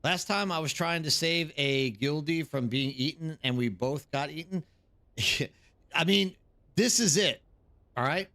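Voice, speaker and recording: A man's voice: fairly high pitch, a little slow, bright, forceful tone, no echo. A tired man live streaming, chatting casually and rambling as he answers viewers in the chat.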